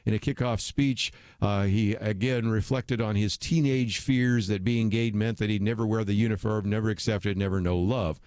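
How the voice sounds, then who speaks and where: Older guy on talk radio giving his take, lots of uh's, low voice, dead dry studio mic. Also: fairly even intonation, moderate pace, hardly any pauses, a little mellow, no room sound. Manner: conversational, opinionated, frequent "uh" fillers. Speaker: radio talk show host. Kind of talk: conservative talk radio commentary.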